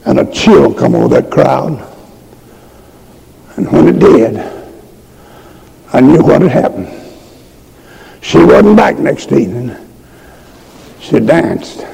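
An older man preaching a revival sermon and altar call, impassioned, moving from hushed storytelling to shouted pleas, with a raspy voice. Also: on the high side, poor audio.

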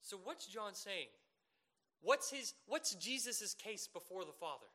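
A man preaching a sermon, earnest and emphatic, building to loud peaks and asking rhetorical questions. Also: sits high, very animated, a little slow.

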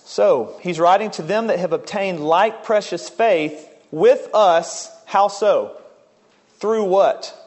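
A man preaching a sermon as a pastor, earnest, slowing down to stress key words. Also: high voice, darkish tone.

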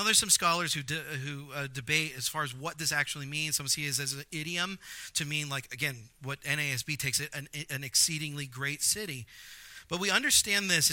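Man, pastor, sermon, very bright voice, dry close sound, jokey and emphatic. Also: fairly high pitch, dry recording. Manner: animated, jokey asides, emphatic repetition.

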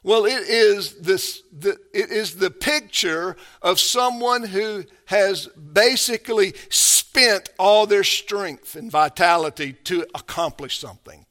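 A man preaching a sermon, emphatic and drawn out, who swings between hushed and forceful passages and often repeats himself. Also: high voice, slow pace, hardly any pauses. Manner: repeats words and restarts often. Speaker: pastor.

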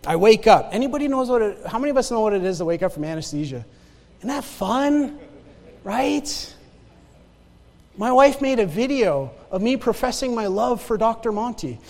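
A man with a high-pitched voice tells his own story from the pulpit in a church with a long reverb trail. He moves from hushed, quick asides to loud, exclaimed lines. He laughs along with the congregation as he goes. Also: vocal fry. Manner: animated storyteller, swings between loud exclamation and quiet asides, laughs often. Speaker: guest preacher giving testimony. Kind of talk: sermon testimony. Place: church sanctuary.

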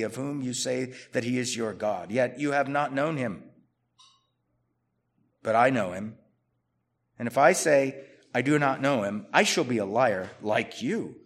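A man preaching a sermon, reading scripture out loud and then unpacking it in plain, conversational speech. His volume swings from strong emphatic lines down to quiet, almost muttered asides. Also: medium pitch, gravelly. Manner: reads scripture aloud, then explains it conversationally. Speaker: pastor.

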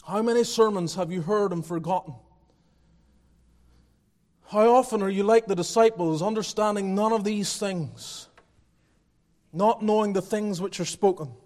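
A man preaching a sermon as pastor, earnest, moving between hushed and fervent passages. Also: high-pitched, a little slow, long pauses. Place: church sanctuary. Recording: church with long reverb.

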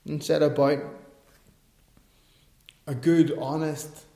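Male pastor, middle-aged, preaching, somewhat high voice, roomy echo, emphatic with side remarks. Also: flat delivery, slow, vocal fry, mellow. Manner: emphatic preaching with asides and self-corrections. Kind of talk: sermon. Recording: echoey room.

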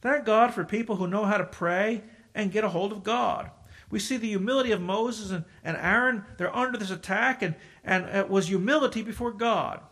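A high-voiced man preaching from the pulpit. He reads scripture aloud in old-fashioned wording and swings between loud, emphatic rises and quiet, hushed asides. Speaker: pastor. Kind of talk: sermon.

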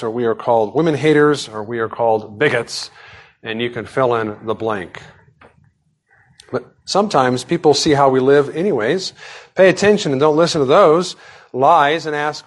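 A man delivering a sermon from the pulpit, leading prayers and reading scripture aloud. He speaks at an ordinary middle pitch and keeps a measured, deliberate preaching pace. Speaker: pastor.

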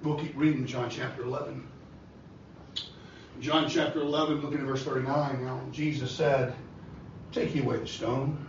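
A man's voice: medium pitch, steady tone, moderate pace, long pauses, slight background noise. A man preaching a sermon with an impassioned delivery that rises and falls, recorded in a church. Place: church sanctuary. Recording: echoey church hall from far off, dull and lo-fi.

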